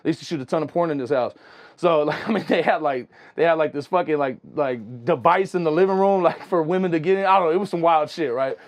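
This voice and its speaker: A young man with a somewhat high voice, a music producer appearing as an interview guest, talks very fast and with high energy. He tells wild stories in loose, slangy chat, repeatedly throwing in "you know what I'm saying."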